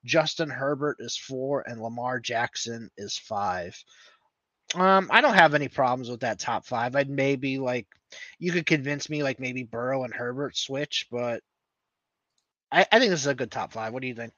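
Man, podcast co-host. Bright, loose casual chat, muffled lo-fi recording. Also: medium pitch, moderate pace, no echo. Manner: rambling, thinks aloud with fillers. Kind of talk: casual fantasy football chat.

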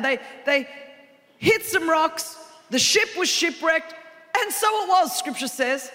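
A woman preaching a sermon, telling a story with humorous, animated asides. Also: very high-pitched, takes it slowly. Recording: long hall reverb.

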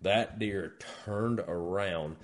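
An American man with a low voice tells a hunting story in casual chat. He talks in an animated, profane way and gets worked up as the tale goes on. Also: extremely slow. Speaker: guest hunter.

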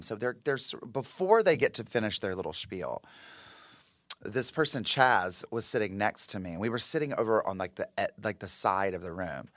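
A man spins a rambling, animated tale as a podcast guest, his speech packed with "like" and quick restarts. His voice sits at a middling pitch. The recording is dry, with little room sound. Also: no room sound. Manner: animated, chatty, lots of "like" and restarts. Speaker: podcast guest, comedian and actor. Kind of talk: casual storytelling chat.

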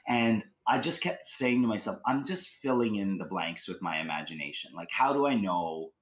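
Deep-voiced man telling a rambling story. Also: animated, moderate pace, highs cut off. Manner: rambling, many fillers and restarts. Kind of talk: casual storytelling.

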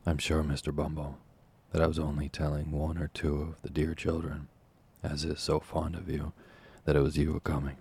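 A man's voice: very deep voice, monotone, moderate pace, vocal fry, dark tone, breathy edge, exaggerated voice. A man voicing a fawning, scheming woman who runs an orphans' home, gushing and falsely humble. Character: fawning scheming older woman, a workhouse nurse.

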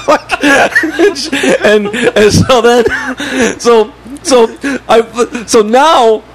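A man's voice: extremely high pitch, slow pace, a crowd in the background, low-quality recording. A man co-hosting a casual podcast, telling a story with heavy swearing and acting out the voices of the people in it. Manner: animated, swears a lot, acts out voices in stories. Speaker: podcast co-host.

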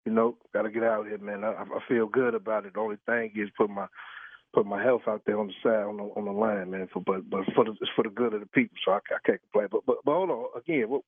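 A man's voice: on the low side, steady tone, fast talker, slightly rough, dry recording. A man taking a prank phone call, heated and swearing with incredulous laughs. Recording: tinny dry phone line.

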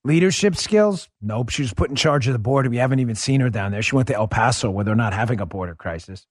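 A man's voice: mid-range voice, lively intonation, fast, dry recording, studio quality. A man hosting a political talk show, giving opinionated commentary with emphatic, sarcastic rhetorical questions.

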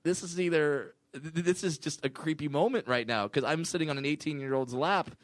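A man's voice: fairly high pitch, fairly quick. Stammering man telling a story. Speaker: comedian co-host. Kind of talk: casual radio banter.

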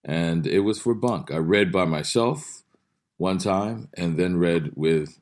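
A man with a very low voice, speaking as a guest in an interview. He tells stories in a playful, laughing way, full of asides. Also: takes it slowly. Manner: playful, laughing, animated storyteller. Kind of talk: anecdotal interview.

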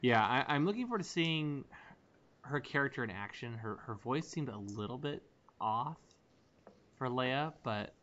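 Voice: medium pitch, animated, normal speed, fairly bright tone. A podcast host in casual chat, encouraging and prompting the others. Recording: dull audio with faint hiss.

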